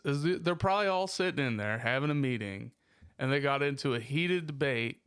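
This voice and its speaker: Goofy, higher-voiced male podcast co-host. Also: a bit bright, smooth, dry recording, studio quality. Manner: joking, goofy, laughs often. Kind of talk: casual podcast banter.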